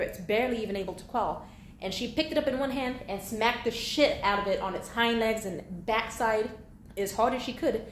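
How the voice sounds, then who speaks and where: A 22-year-old woman venting bluntly and profanely in a candid monologue. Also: a little high. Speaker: vlogger. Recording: echoey room with faint background hum.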